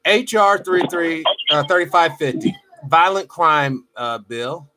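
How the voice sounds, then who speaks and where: A man hosting a podcast, chatting casually with quick interjections and easy laughter. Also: on the high side, lively intonation, pushed and bright. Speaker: podcast host. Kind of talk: casual talk show chat.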